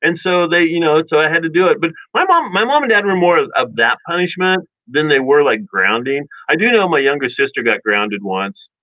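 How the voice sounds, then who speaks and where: A man casually telling childhood stories in a rambling, animated way, with many restarts and chuckles. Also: fairly high pitch, brisk, hardly any pauses, no room sound. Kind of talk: casual storytelling chat. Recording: dull dry lo-fi sound.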